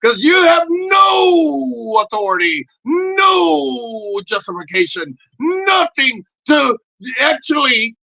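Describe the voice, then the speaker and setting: A man voicing a brash, foul-mouthed male puppet who yells crude motivational rants. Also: very high voice, sing-song, slow pace, creaky, hardly any pauses, voice pushed up, exaggerated voice, poor audio. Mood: ranting. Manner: yelling, crude, hyped-up motivational rant.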